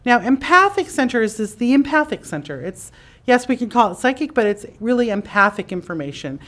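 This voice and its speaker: A woman host explaining ideas casually to a live audience in a conference room. She talks in a chatty way and acts out inner voices with lively jumps in pitch. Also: brisk. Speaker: podcast host and psychic teacher.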